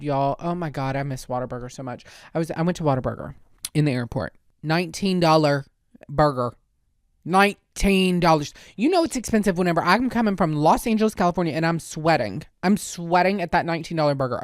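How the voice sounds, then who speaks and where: A woman hosting a podcast, talking in a casual comedic monologue. Her delivery is sassy and full of exaggerated rants, in a fairly low voice. The sound is dry and close, with no room echo. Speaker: podcast host.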